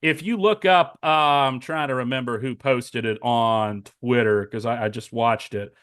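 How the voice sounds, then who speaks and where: A man's voice: medium pitch, moderate pace, a bit bright, dry recording, studio quality. A man co-hosting a fan sports podcast, ranting and mocking with impressions and swearing in casual chat. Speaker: podcast co-host.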